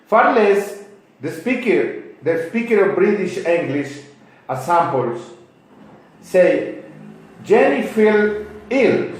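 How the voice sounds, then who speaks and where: Man in a booming echoey room. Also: lively intonation. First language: Spanish. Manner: slow, deliberate, a little halting. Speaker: English teacher being interviewed. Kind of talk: explanatory answers in a class interview.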